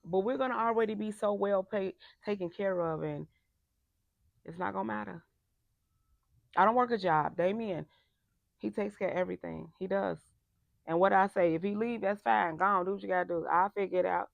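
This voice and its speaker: A woman life coach giving a passionate motivational talk, emphatic and turning loud and animated when making a point. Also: mid-range voice, moderate pace, gravelly, long pauses, dry recording, muffled recording.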